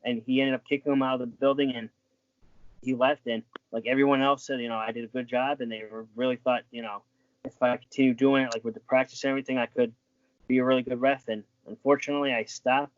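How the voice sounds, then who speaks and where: A man's voice: medium pitch, little pitch movement, quick pace, highs cut off. Man telling a rambling story. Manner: rambling, with many restarts and fillers. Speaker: interview guest, former wrestling referee. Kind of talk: casual storytelling.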